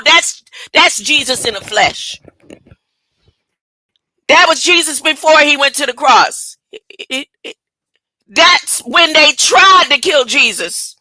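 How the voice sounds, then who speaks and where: A woman preaches an informal sermon in an emphatic, colloquial way, firing off rhetorical questions. Her voice is high and bright. The sound is dry and close. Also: dry recording, rough recording.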